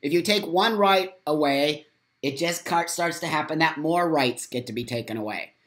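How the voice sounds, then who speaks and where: A man's voice: a little high, normal speed, fairly bright tone. An American man hosting a live morning vlog, reading viewer comments aloud and ranting angrily with lots of swearing and repeated phrases. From United States. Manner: angry, profane ranting.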